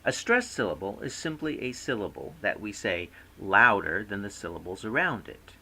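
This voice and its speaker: A man's voice: fairly low pitch, big pitch swings, normal speed, vocal fry, pushed and bright, slight background noise, low-quality recording. A man giving a scripted recorded lecture as a course instructor, reading aloud and demonstrating word stress by example.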